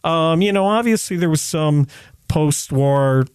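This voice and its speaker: A man's voice: a little high, unhurried, darkish tone, clear, resonant tone, no room sound, studio quality. A man speaking as a guest historian in a casual podcast discussion, thoughtful and hedging, with many "you know" fillers. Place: indoor room with others present.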